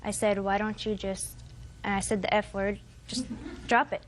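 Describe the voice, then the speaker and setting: A woman's voice: medium pitch, fairly even intonation, normal speed, slight background noise. A woman in her twenties giving testimony as a defendant in court, rambling and hesitant, quoting what others said. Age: 20s.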